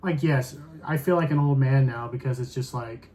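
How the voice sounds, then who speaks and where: A man in his thirties co-hosts a casual podcast chat, rambling and filling his sentences with "like." His voice is medium-pitched, mellow, and moderately paced.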